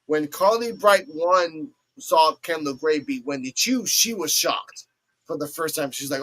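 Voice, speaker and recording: A fairly high-voiced man recaps a wrestling match move by move with excitement, slipping into squeaky put-on voices whenever he quotes someone. He talks a little slowly, like a host holding the floor on his own show, in a rough recording.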